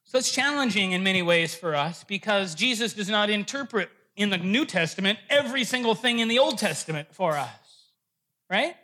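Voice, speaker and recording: A man's voice: high voice, lively intonation, moderate pace, pushed and bright. A man preaching a sermon, playfully telling a joke to his congregation before turning to earnest teaching. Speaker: pastor.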